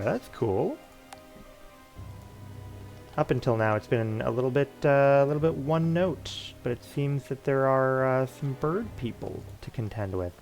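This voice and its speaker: Male streamer, casual gameplay commentary, playful asides, mid pitch, soft music in background. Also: big pitch swings, a little slow.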